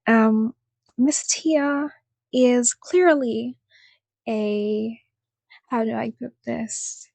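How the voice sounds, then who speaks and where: A woman's voice: on the high side, fairly even intonation, extremely slow, gravelly, pauses often, darkish tone, no echo. A woman vlogger in casual commentary, reading an article aloud and mocking it, laughing often and talking to her viewers.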